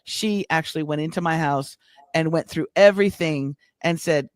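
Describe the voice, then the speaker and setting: A middle-aged woman with an American accent, speaking in a fairly low voice for a woman. She talks warmly but haltingly, restarting her sentences as she chats in an interview. The sound is dry and close. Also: no echo. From United States. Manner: warm, halting, with many restarts and fillers. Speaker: guest business coach. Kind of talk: casual interview chat.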